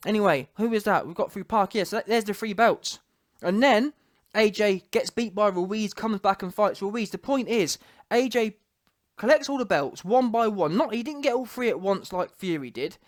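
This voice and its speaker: A man's voice: high voice, animated, moderate pace, dry recording, clean studio sound. A man, a boxing commentator ranting casually to camera, emphatic and digressive, full of street slang.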